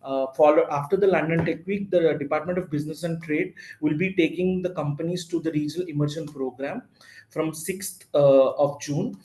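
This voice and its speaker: Man, briefing presenter, halting, lots of fillers, fairly high voice, echoey room. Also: fairly even intonation, mellow, slight background noise.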